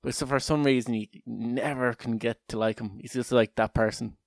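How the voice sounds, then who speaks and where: A man's voice: medium pitch, fairly even intonation, moderate pace, vocal fry, no echo. A man co-hosting a podcast in casual, rambling chat, joking and laughing between lines. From Ireland. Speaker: podcast co-host.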